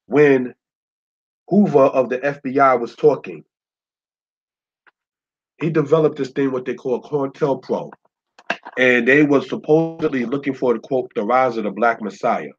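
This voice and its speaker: A husky man teaches scripture like a preacher, his voice sitting at an ordinary middle pitch. He keeps checking in with his listeners and slows down to spell out Hebrew words. The recording is muffled and lo-fi. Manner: preacherly, keeps asking "You understand?". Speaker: Torah teacher. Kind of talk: Bible lesson.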